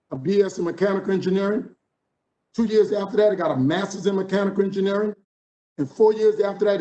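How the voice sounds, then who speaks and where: Through a muffled recording comes a high, mellow male voice. The speaker, in his fifties and from New Orleans, USA, with a New Orleans accent, is giving a motivational conference keynote built on rhythmic, preacher-like repetition.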